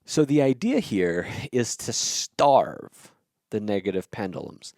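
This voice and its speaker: A man with a fairly low voice lays out his ideas in a loose, unscripted monologue. He is blunt and swears freely, and keeps checking in with the listener as he goes. The sound is dry and close, with no room around it. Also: very animated, slow pace, darkish tone, no room sound. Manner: blunt and profane, checks in with "okay?" and "right?". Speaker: podcast host. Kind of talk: casual explanatory monologue.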